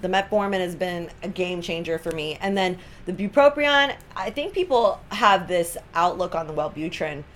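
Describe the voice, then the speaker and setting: A woman's voice: lowish voice, moderate pace, few pauses, a bit bright. A woman in her thirties co-hosting a casual wellness talk, telling stories animatedly with gasps, laughs and acted-out quotes. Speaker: co-host of a wellness product talk. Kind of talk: casual storytelling chat.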